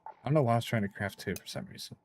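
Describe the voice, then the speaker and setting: A man's voice: medium pitch, rapid-fire, a little hiss or hum. A man streaming a game, tired and rambling to himself in casual commentary as he plays. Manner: rambling, talks to himself while playing. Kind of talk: casual live gameplay commentary.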